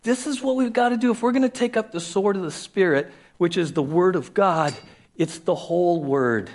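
A man's voice: sits high, moderate pace. A man preaching a sermon as a pastor in a conversational way, repeating key phrases and acting out quoted voices.

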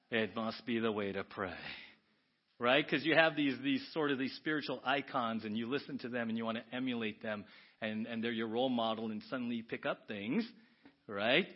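A man delivers a sermon from the pulpit of a church, dropping to hushed asides and then rising to loud, lively exclamations. His voice sits fairly high. The recording sounds dull and lo-fi, like a church audio capture. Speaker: pastor. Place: church sanctuary.

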